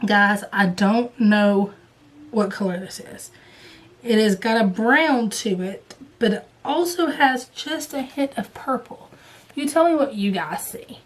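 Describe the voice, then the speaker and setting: A woman with a Southern US accent, chatting casually and rambling as she shows off embroidery threads, now and then dropping to a soft murmur. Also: on the high side, slow pace. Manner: rambling, chatty, drifts to hushed murmurs while showing threads. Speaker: cross-stitch vlogger. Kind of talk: casual chat.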